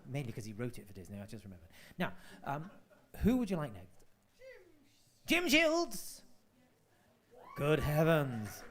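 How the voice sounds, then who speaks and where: A man compering a live showcase on a club stage, talking in a teasing, gushing way. His voice sits fairly high and swoops about with lively pitch. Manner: chatty, gushing, jokey. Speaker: host.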